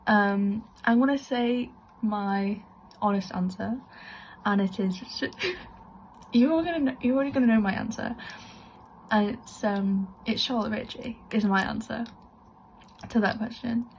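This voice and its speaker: A woman's voice: mid-range voice, unhurried, long pauses, a little hiss or hum, poor audio. A woman fan answering in a giggly, playful way in a casual recorded message. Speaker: guest fan.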